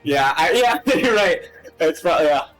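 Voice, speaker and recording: A man's voice: a little high, lively intonation, moderate pace, fairly bright tone, soft background music, low-quality recording. A man chatting casually while playing a game, laughing often, swearing and cracking crude jokes.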